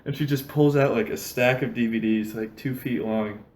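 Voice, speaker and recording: A man's voice: medium pitch, steady tone, normal speed. A man hosting a podcast, telling loose stories with constant fillers and frequent laughter in a casual chat. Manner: rambling storyteller with constant "like" fillers, laughs often. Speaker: podcast host. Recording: roomy echo, faint background noise.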